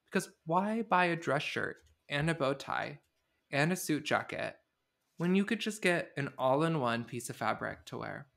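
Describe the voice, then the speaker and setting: A man hosting a podcast, telling the story in an animated, sarcastic way in casual comedic chat. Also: a little high, moderate pace, gravelly. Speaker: podcast host.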